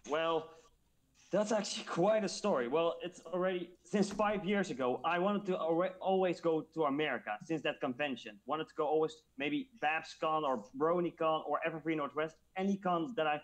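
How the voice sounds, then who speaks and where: A man from the Netherlands recounting a trip in halting non-native English, pausing to search for words. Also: on the high side. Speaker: guest. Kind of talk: casual chat.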